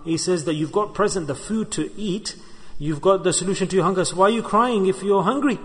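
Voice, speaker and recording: A man's voice: a little high, brisk. A man from the UK giving an earnest religious sermon, repeating his points and acting out small parables. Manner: earnest and repetitive, voicing people in little parables. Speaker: sheikh giving a religious talk. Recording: long hall reverb.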